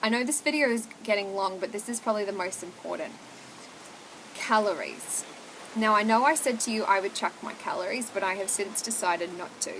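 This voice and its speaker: A young woman vlogs from home, chatting openly and confessionally to her viewers. Her voice sits at an ordinary middle pitch, and she peppers her talk with "like" and "oh my God". A clear background hiss runs under the recording. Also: brisk, fairly bright tone, low-quality recording. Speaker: vlogger. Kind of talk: candid casual chat to camera.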